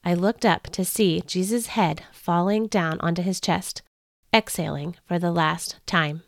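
A woman hosting a podcast, reading a first-person story in an earnest, expressive way. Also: lowish voice, unhurried, gravelly, dry recording, studio quality. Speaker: podcast host.

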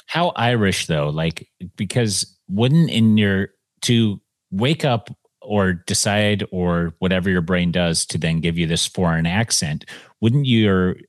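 Slow, deep-voiced male podcast co-host. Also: no room sound, clean studio sound. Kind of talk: casual chat.

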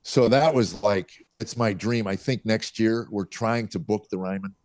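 On a dry recording, a middle-aged comedian from a small town south of Chicago, USA, recounts anecdotes as a podcast guest at a moderate pace. His voice is lowish, and he's a lively storyteller who acts out the voices.

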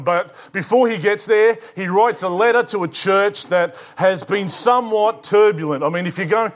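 Aussie pastor preaching in church, tells a story, kinda high voice for a guy. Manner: storytelling, conversational with frequent restarts. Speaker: senior pastor. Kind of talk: sermon.

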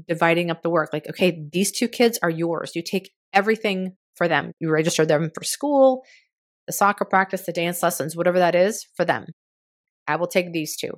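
Frank, frustrated woman in her fifties. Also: on the low side. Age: 50s. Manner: candid and frustrated, with casual swearing. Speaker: podcast host. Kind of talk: solo podcast monologue.

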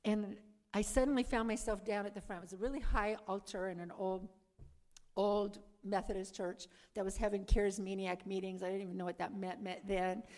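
A woman giving a lively testimony talk to a live audience, acting out her own past lines and asking the crowd questions. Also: medium pitch, fairly quick. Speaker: speaker giving a conversion testimony. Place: church or meeting hall. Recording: long hall reverb.

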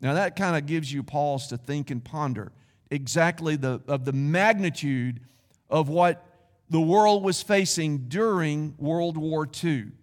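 A man's voice: a little high, unhurried, in a large hall. A man preaching a sermon as pastor, speaking in a conversational way with folksy asides. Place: church sanctuary.

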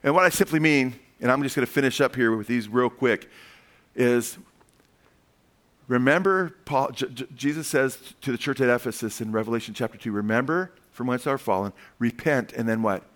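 A man preaching a sermon as pastor, animated, calling "amen?" to the congregation and acting out voices as he tells stories. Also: medium pitch, moderate pace. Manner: acts out quoted voices in storytelling.

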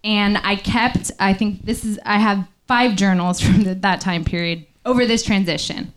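Speaking into a stage mic at an intimate venue, a woman recounts something personal in a frank, faltering way, leaning heavily on fillers. Her voice is mid-range and her tone stays steady.

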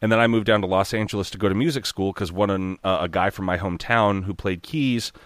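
Guy in his 30s rambling about doing voices, lots of ums and swearing, lowish voice, dry close sound. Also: fairly even intonation, a little fast, a bit bright, dry recording. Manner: rambling, lots of fillers and swearing, breaks into impressions. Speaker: podcast guest or co-host, dungeon master. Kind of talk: casual chat.

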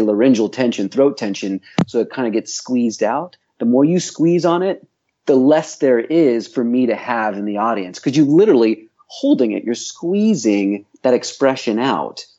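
A man's voice: mid-range voice, dark tone, highs cut off. A man working as a voice coach and acting teacher, speaking in a podcast interview in a reflective, opinionated way, thinking aloud with frequent restarts.

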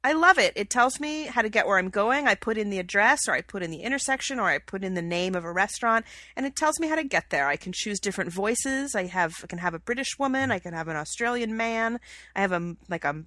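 A woman's voice: medium pitch, lively intonation, quick pace, pushed and bright, no room sound. A young woman co-hosting a podcast, chatting casually and gushing with enthusiasm. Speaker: podcast co-host. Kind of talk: casual chat.

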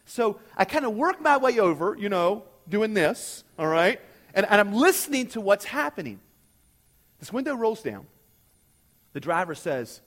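Animated middle-aged male pastor. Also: fairly high pitch, moderate pace. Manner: animated storytelling, often checking in with "okay?". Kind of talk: sermon.

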